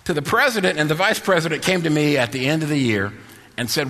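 Male preacher, fairly high and bright, storytelling sermon style in a reverberant church hall. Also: fairly quick. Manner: storytelling, with quoted dialogue and repeated phrases.

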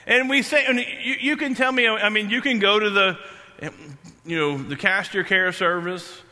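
A man preaching a sermon, halting and repeating himself, then slowing down to stress key words. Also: high-pitched, pushed and bright. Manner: halting, repeats and restarts phrases. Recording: long hall reverb.

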